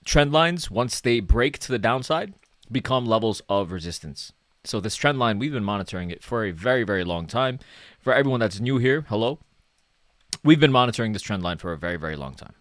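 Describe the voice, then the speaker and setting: A man's voice: on the low side, lively intonation, fairly quick, a bit bright, dry recording, studio quality. A man talking casually through market charts as a stock analyst, chatty and self-mocking, often tagging "okay?" and "right?".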